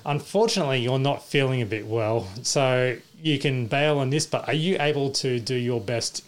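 A podcast host recapping a plot in brisk casual chat. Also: medium pitch.

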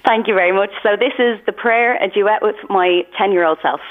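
A woman's voice: medium pitch, fairly quick. Young woman on a tinny phone line. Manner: friendly, laughs as she talks. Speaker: singer guest.

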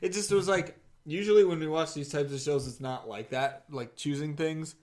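A man's voice: fairly high pitch, moderate pace, a little mellow. A man co-hosting a casual chat who chimes in, agrees and laughs while recapping a TV episode. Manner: chiming in and agreeing, laughing at the story. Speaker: podcast co-host.

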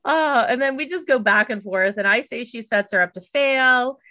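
A middle-aged woman with a bright, forceful voice chats casually as a co-host. She tells stories bluntly and animatedly and acts out the lines of people she quotes. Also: on the high side, moderate pace. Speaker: podcast co-host. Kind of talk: casual recap chat.

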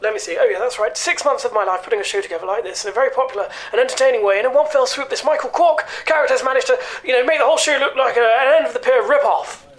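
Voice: mid-range voice, rapid-fire, hardly any pauses, natural voice. A performer playing an irate male stage hypnotist who stammers, swears and gets flustered in a scripted comedy sketch. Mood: indignant.

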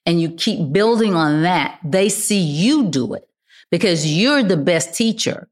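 An older woman speaks as a guest in a relaxed conversation, her voice sitting a little low. She tells stories with animation, leaning on repeated phrases to drive each point home. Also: a little slow. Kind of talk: casual chat.

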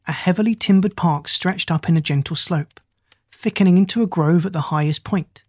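An audiobook narrator reading a classic story in a steady, descriptive, formal manner. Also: mid-range voice, a little fast, no echo.

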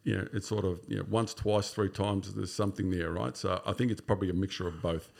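A man's voice: low-pitched, steady tone, quick pace, gravelly. An Australian man in his fifties, a podcast guest telling his own story in a casual, rambling way with many fillers. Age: 50s. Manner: rambling, full of "sort of" and "you know" fillers.

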